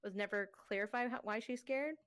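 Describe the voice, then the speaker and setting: A woman's voice: medium pitch, brisk, a bit bright, clean tone. A young woman in casual chat as a co-host, chatty and giggly, full of fillers.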